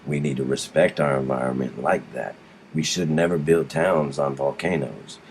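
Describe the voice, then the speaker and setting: A middle-aged man with an extremely low, rumbling voice tells his story casually, circling back with restarts and the odd curse. A faint hiss of background noise sits under the recording. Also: normal speed, a little mellow. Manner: rambling, with frequent restarts and blunt swearing. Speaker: guest describing alien abduction.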